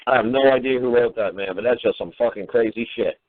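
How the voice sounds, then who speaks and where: A man's voice: mid-range voice, fast, slight background noise. A man hosting a call-in radio show, scolding and mocking his caller in a profane rant. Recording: tinny phone-line radio audio.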